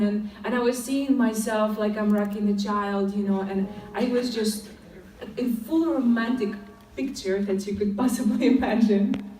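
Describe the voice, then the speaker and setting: A woman's voice: a little high, warm tone. A woman from Ukraine, giving a personal testimony talk at a conference and acting out the dialogue of the people in her story. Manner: storytelling, acts out quoted dialogue. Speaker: conference speaker. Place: conference hall. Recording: echoey hall, distant mic, faint music.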